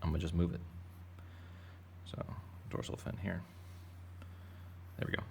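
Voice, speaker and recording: A man leads a casual drawing lesson for kids, joking and rambling as he sketches. His voice sits low and has a gravelly edge. A faint background hum runs under it. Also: flat delivery, unhurried, darkish tone. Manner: playful, rambling, jokey. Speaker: art teacher.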